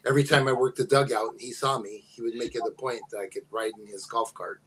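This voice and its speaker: An older man, a podcast guest, telling personal stories in casual talk, unhurried and halting with many fillers. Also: mid-range voice, fairly even intonation, a crowd in the background, rough recording. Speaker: guest, host's father. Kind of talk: casual storytelling.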